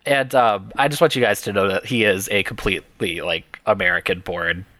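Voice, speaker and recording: Man, casual movie-review chat, bright tone, lowish pitch, animated, sarcastic. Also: a little fast, dry recording. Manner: animated, sarcastic, swears freely.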